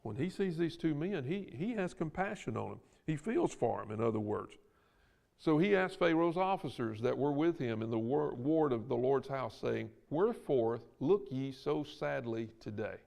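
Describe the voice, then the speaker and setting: A Southern man leads a Bible lesson in a church classroom, his voice rough and gravelly at mid pitch. He talks in a folksy, plainspoken way and acts out the lines he quotes. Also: animated, normal speed, darkish tone. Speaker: Sunday school teacher.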